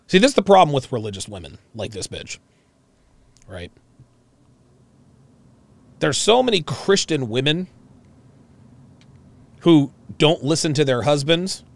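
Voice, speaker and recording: A man streaming live commentary over a clip, animated and incredulous, mocking what he hears and reading chat messages aloud. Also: mid-range voice, no echo.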